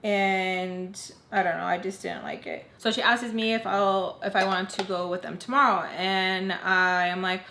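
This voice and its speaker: A woman's voice: mid-range voice, steady tone, measured pace, gravelly, hardly any pauses, bright, forceful tone, slight background noise. A young woman telling a personal story to her viewers in a casual, chatty way, using "like" constantly. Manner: chatty, heavy use of "like", addresses viewers as "you guys". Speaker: storytime vlogger. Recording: roomy echo.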